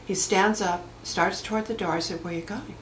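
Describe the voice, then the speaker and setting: A woman hypnotherapist telling stories about her clients in a lively way, acting out the voices of the people in them. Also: mid-range voice, a little fast, reverberant, a little hiss or hum, poor audio. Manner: animated storyteller acting out quoted voices. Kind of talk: anecdotal storytelling talk.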